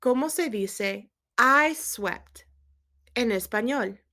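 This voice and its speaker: A woman teaching a Spanish lesson, quizzing viewers and gently checking their accent marks as she switches between English and Spanish. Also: fairly high pitch, lively intonation, slow. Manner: asks quiz questions and gently checks accents. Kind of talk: recorded language lesson.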